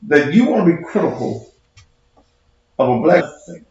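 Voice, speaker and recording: Combative male preacher-host, high lively voice, cussing rant in a very echoey room. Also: normal speed, long pauses, muffled recording. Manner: profane, combative, mocking. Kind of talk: heated livestream rant.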